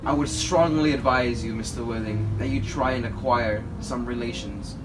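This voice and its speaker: A young man playing a haughty, stern aristocratic lady, in a low mock-stern voice. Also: normal speed, distant mic, over music, lightly acted, poor audio.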